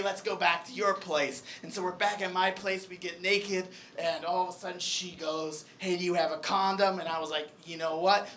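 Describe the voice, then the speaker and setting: A young man performing a stand-up comedy set, telling a story with animated energy and shouted punchlines. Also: high-pitched, slight background noise. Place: comedy club stage. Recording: live crowd audible. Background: audience laughter.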